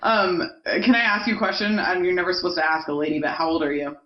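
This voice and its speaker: A woman in her thirties hosts a casual podcast, upbeat as she moves things along. Her voice sits low for a woman, and the audio is muffled and echoey. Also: fast. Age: 30s. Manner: upbeat, steers the segments. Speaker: podcast host. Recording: echoey, muffled home recording.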